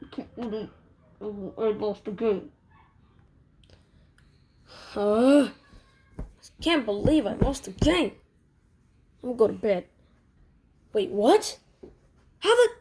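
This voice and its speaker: A woman voicing a clumsy boy who whines, yells and cries easily. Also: on the high side, lively intonation, slight background noise. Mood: upset. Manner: whiny, quick to yell and cry. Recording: background music. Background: music.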